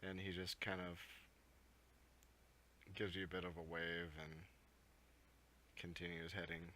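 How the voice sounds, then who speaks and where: A man narrating as game master in a tabletop game, pausing often with fillers. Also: low voice, little pitch movement, pushed and bright, slight background noise. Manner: hesitant, many fillers.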